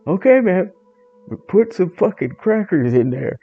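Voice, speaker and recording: A man's voice: high voice, big pitch swings, measured pace, husky, dull audio, soft background music, pitched above the performer's own voice, full character voice. A man doing a whiny, cracker-obsessed cat. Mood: whiny, pleading. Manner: whiny, loud and insistent. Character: dim, food-obsessed male cat begging for crackers.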